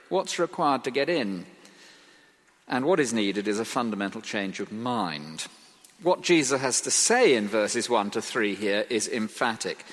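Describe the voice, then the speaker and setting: A man preaching a sermon, emphatic and expressive, asking rhetorical questions. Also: medium pitch. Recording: reverberant hall.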